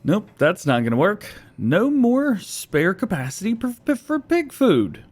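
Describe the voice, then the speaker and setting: A man talks his viewers through a farming game in a loose, chatty way, cracking jokes at his own expense. His voice sits a bit high and bounces up and down a lot, and he sounds slightly winded from recording so early in the morning. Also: huge pitch swings, measured pace. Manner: chatty, self-joking, laughs often. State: a little out of breath, early morning. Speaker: gaming YouTuber. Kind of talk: casual let's-play commentary.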